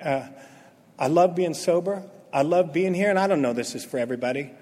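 Man, recovery testimony, high voice, animated, acts out quotes, loud to hushed, long hall reverb. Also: brisk. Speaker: speaker at a recovery meeting.

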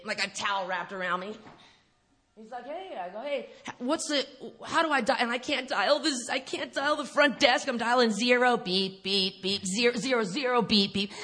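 Brief: middle-aged woman, recovery speaker at a live event, bright forceful voice, candid, swears freely. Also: a little high, a little hiss or hum. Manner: blunt and profane, laughing often. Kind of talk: candid storytelling talk to an audience.

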